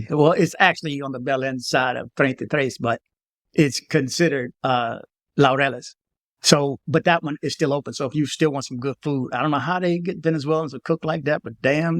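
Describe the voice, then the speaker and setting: A man giving casual travel advice in a vlog, emphatic and repeating his warnings with animated asides. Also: a little high, no echo, clean studio sound. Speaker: travel vlogger.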